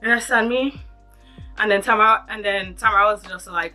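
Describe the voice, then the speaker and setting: A woman with a Caribbean English accent, telling a storytime vlog in an animated, emphatic way. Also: medium pitch, a little fast, soft background music. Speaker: vlogger.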